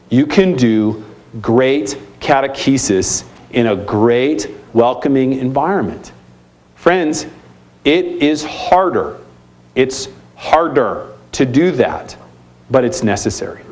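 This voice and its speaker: A man's voice: a little high, a little mellow. An American man presenting at a youth ministry conference, emphatic and repeating key points while asking the audience questions. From United States. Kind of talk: conference keynote talk. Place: conference center hall.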